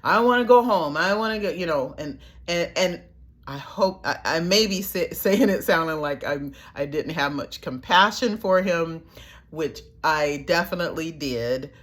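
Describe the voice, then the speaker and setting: A woman's voice: low voice, a little slow, a bit bright. A middle-aged woman, telling foster parenting stories in a casual way to her viewers, laughing often and acting out what people said. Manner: chatty, laughs often, acts out quotes.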